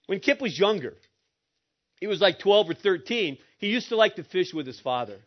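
A man's voice: high voice, very animated, normal speed. A middle-aged man preaching a sermon with humorous storytelling. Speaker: pastor. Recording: muffled lo-fi recording.

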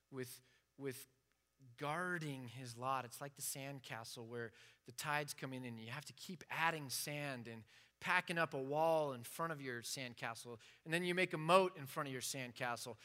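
A man's voice: mid-range voice, pushed and bright. A man giving an informal sermon with passion, acting out the prayers he quotes. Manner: impassioned, acts out quoted prayers. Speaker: preacher.

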